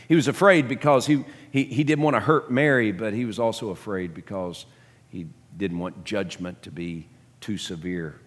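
A man's voice: deep voice, big-room sound. A man preaching a sermon to his congregation, emphatic, often repeating words as he builds a point. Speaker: pastor. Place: church sanctuary.

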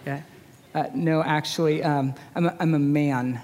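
A man in his forties with a high voice delivers a storytelling sermon as a chaplain. He talks conversationally and pokes fun at himself. His voice rings through the long reverb of a large hall. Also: steady tone, unhurried, a little mellow, a little hiss or hum. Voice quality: high-pitched voice. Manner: conversational, self-deprecating humor. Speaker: chaplain preaching.

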